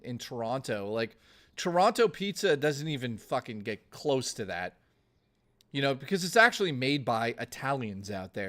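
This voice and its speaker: A male streamer talks to his live chat at an everyday mid pitch. He rants and swears in a loose, blustery way. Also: fairly bright tone. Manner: profane, blustery ranting to chat.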